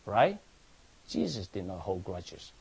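Slow-paced preacher man. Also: low-pitched, big pitch swings, creaky, darkish tone, husky. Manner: repeats words and restarts, asks the congregation if they understand. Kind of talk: sermon.

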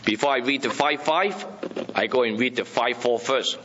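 Man, preacher, emphatic Bible teaching, bright forceful voice, slightly dull faint-hiss recording. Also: mid-range voice, moderate pace. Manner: emphatic, repetitive, often asks the listeners "you understand?".

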